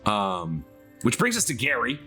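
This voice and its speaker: A man's voice: mid-range voice, unhurried, soft background music. A man narrating a tabletop game as game master, casual and full of fillers. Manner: casual, filler-heavy, lively storytelling.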